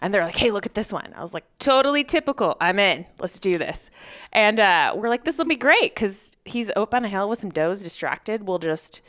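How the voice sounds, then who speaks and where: A woman guest on a podcast, telling a story in a casual, animated way and acting out what people said. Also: medium pitch, a little fast, hardly any pauses. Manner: animated, acts out quoted dialogue. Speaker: hunting guest.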